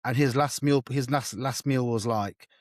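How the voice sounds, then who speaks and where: Podcast co-host, mid-pitched voice, lively street-slang storyteller, dry close sound. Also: male voice, moderate pace, no echo. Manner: slangy, animated storyteller, swears freely. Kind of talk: casual storytelling chat.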